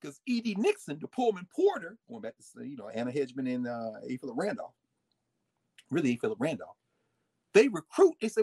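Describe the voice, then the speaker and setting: A man giving a lively history lecture with folksy asides, swinging his volume up and down. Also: on the high side, fairly quick, slightly rough, no room sound. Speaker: history teacher. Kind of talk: lively history lecture with read-aloud quotes.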